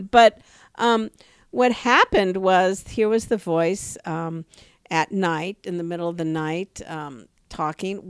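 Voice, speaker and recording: A middle-aged woman tells a personal story on a podcast with a comedian's flair, slipping into the voices of the people she describes. Her voice is smooth and even. It is recorded close and dry, with no room sound. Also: fairly low pitch, no echo. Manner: vivid storytelling, acts out quoted voices. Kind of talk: casual podcast conversation.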